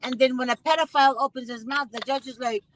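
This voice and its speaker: A woman's voice: high-pitched, steady tone, fast, fairly bright tone, slight background noise, low-quality recording. A woman hosting a casual conversation, speaking emphatically and repeating phrases with indignation. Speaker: host.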